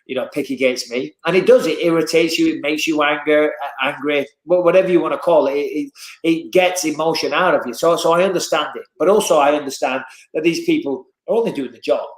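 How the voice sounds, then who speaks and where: An English man telling stories in a casual podcast chat as a fight commentator, animated and swinging his voice up and down. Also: a little fast, reverberant. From England. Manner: animated storyteller, lively swings in pitch and loudness.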